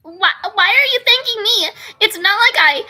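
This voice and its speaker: A woman's voice: very high voice, expressive, normal speed, pushed and bright, faint music behind, voice pushed up, full character voice. A woman voicing a prickly, defensive teenage girl as she reads a visual novel aloud, with huffy, flustered denials.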